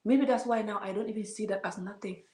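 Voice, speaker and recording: A woman's voice: medium pitch, steady tone, fast, a little mellow. Emphatic woman in an echoey room. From Gambia. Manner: emphatic, preachy, repeats words and asks rhetorical questions. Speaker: vlogger. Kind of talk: opinionated vlog monologue. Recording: roomy echo.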